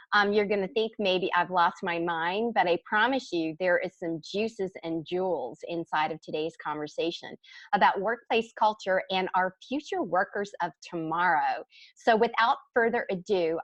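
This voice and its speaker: A woman's voice: on the low side, no echo, lo-fi sound. A woman hosting an interview show, chatty and enthusiastic as she introduces her guest. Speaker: podcast host.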